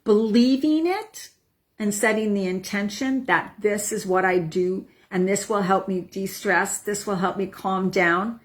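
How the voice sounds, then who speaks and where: A woman in her forties, a wellness coach, calmly guiding a tapping practice and checking in with "right?" and "okay?". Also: mid-range voice, a little slow. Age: 40s. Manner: soothing affirmations with frequent "right?" and "okay?". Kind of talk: guided self-help demonstration.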